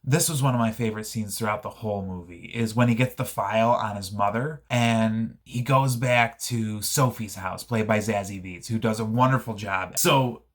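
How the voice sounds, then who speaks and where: Rambling, excitable man reviewing a film. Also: on the low side, normal speed, few pauses. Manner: rambling and enthusiastic, with frequent restarts. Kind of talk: casual spoken movie review.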